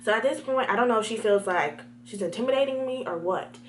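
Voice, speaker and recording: Animated young woman telling a story. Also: on the high side, fast, slight background noise. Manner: animated, talks to viewers directly. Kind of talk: storytime vlog.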